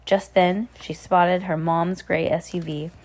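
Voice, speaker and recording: Woman, casual read-aloud to a child at home, lowish, self-correcting. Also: flat delivery, measured pace, a little mellow. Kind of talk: reading a storybook aloud.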